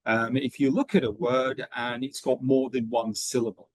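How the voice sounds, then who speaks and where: A man running an online teacher training session, talking in a steady rhythm with frequent ums and okays. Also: mid-range voice, moderate pace, no echo, low-quality recording.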